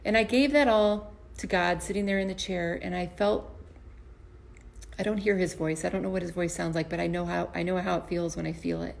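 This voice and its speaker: A woman's voice: lowish voice, steady tone, brisk, creaky. A woman, an empowerment coach and comedian, giving a motivational talk to camera from her home basement, earnest and storytelling, often restarting and repeating words. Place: home basement performance space.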